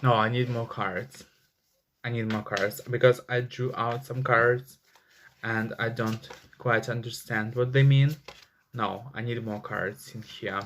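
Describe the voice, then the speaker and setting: A man's voice: mid-range voice, steady tone, measured pace, a bit bright, a little hiss or hum. A man giving a casual tarot reading, rambling with many fillers and flaring into angry swearing. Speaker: tarot reader.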